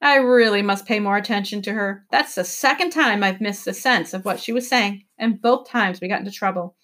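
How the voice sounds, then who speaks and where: A woman voicing a fussy, easily flustered elderly male professor in a read-aloud storybook, often in hushed, breathy tones. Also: mid-range voice, brisk, natural voice. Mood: fussing.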